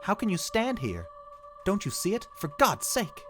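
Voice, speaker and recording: A man's voice: mid-range voice, expressive, measured pace, music in the background, pitched above the performer's own voice, lightly acted. A man doing a frantic, panicked shopkeeper. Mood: panicked shouting. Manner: shouting, desperate, pleading. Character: frantic middle-aged male shopkeeper, panicked.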